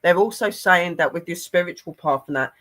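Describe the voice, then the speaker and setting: A man's voice: high-pitched, a little fast, fairly bright tone. A man working as a psychic medium on a live stream, passing on spirit messages in an earnest, rambling way. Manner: earnest and rambling, many fillers.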